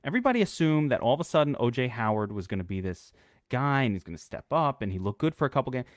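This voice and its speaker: Brief: opinionated male podcast co-host with a lively, swinging pitch and a dry, close sound that swears a lot. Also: quick pace, dry recording. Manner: opinionated, animated, swears freely, stammers on restarts. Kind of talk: casual fantasy sports chat.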